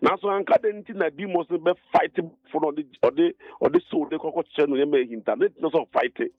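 A man's voice: fairly high pitch, fairly quick, dry recording. A man with a Ghanaian accent calling into a radio show, explaining spiritual matters in an emphatic, preaching way. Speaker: caller. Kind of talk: preaching-style explanation on the phone. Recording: dry tinny phone line.

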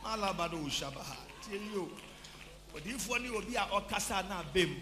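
A prophet leading a church service delivers a charismatic sermon, shouting and half-singing his lines in a sing-song preaching style while switching between Twi and English and weaving in testimony from the congregation. His voice is high-pitched, expressive and brisk. The recording has the echo of a church hall with a hum in the background.

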